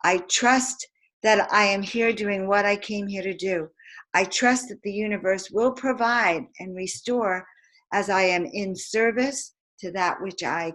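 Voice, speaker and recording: A woman's voice: mid-range voice, fairly bright tone, poor audio. A woman spiritual teacher giving a live motivational talk, chanting affirmations and calling out questions to her audience. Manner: emphatic, chanting affirmations, calls and responses. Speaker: spiritual teacher and card reader.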